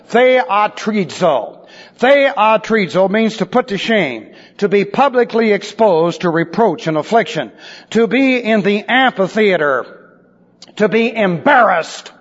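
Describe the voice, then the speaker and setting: A man delivers a sermon in a high, lively voice that swoops up and down. He is wry and teasing, dropping into sly asides. The sound is dull and lo-fi, with a long echo from a large hall. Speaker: preacher. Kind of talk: expository sermon.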